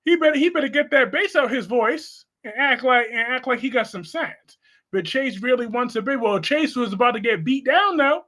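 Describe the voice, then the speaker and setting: A man with a very high, bright and sharp voice chats on a live stream. He talks in a sassy, expressive way and answers his chat as he goes. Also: normal speed.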